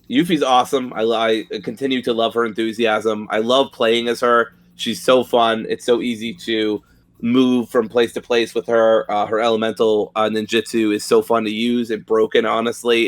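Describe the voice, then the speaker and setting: A man's voice: on the low side, level tone, normal speed. A young man co-hosting a casual gaming podcast, talking with loose, enthusiastic energy and casual swearing. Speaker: podcast co-host.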